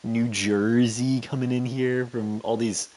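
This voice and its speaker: A man with a North Carolina accent chatting casually as co-host. He talks in a rambling, animated way, full of "like" and restarts. His voice sits at an average male pitch. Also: measured pace. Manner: rambling and animated, with many fillers. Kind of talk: casual chat.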